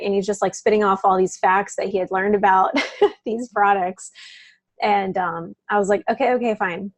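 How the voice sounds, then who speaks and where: This woman speaks with medium pitch and fairly even intonation at a normal speed, with no room sound. She's a casual, talkative interview guest telling her own story, full of laughs and "like" fillers.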